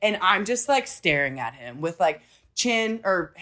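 Speaking a little slowly in a fairly low voice, this young adult woman tells a story on her podcast in a casual, chatty way. Her delivery is profane and lively, and she performs the voices of anyone she quotes.

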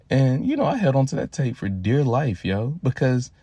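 A man in his thirties from Louisiana, hosting a podcast and telling profane, animated stories straight to his listeners. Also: medium pitch, breathy edge, no echo. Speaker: podcast host. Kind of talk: casual storytelling monologue.

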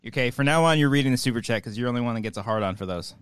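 A man's voice: medium pitch, racing, smooth, no echo. Young guy hosting a chill podcast, laughs a lot, dry room. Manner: laughs often, tells stories with put-on voices. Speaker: podcast host. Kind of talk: casual chat.

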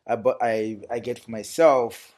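A man, a content creator chatting as a guest in a relaxed, rambling way with many fillers. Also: mid-range voice, unhurried. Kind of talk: casual interview talk.

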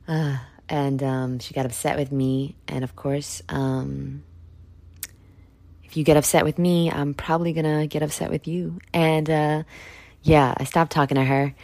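A woman's voice: low-pitched, flat delivery, measured pace, creaky, darkish tone, no room sound. A woman in her thirties hosting a solo podcast, talking candidly and bluntly in a rambling, casual way, with fillers and swearing. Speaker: podcast host.

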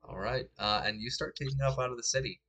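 A man narrating a tabletop game as game master in a relaxed, chatty way with frequent fillers. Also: medium pitch, quick pace.

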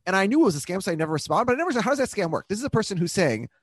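एक आदमी जो पॉडकास्ट पर को-होस्ट के रूप में जल्दी-जल्दी, जोशीले अंदाज़ में बात करता है, किस्से सुनाते हुए दूसरों की बातें नकल करके बोलता है।. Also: male voice, sits high. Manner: animated, quick storytelling with acted quotes. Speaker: podcast co-host. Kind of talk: casual chat.

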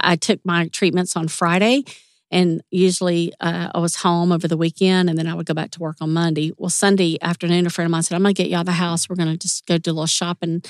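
A woman sits for a relaxed interview, recounting memories in a chatty, warm manner. Her voice sits a little low. The sound is dry and close. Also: no echo. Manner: warm, chatty, animated when retelling. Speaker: interview guest. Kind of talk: casual storytelling interview.

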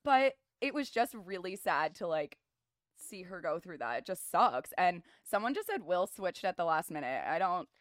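A woman's voice: fairly low pitch, big pitch swings, normal speed, no echo, studio quality. Chatty young woman podcast co-host. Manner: chatty, emphatic, casual slang. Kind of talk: casual recap chat.

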